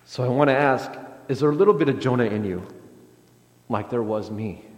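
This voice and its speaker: A man's voice: medium pitch, a little fast. Hesitant male pastor in an echoey hall. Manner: hesitant, many restarts and fillers. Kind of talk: sermon. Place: church sanctuary.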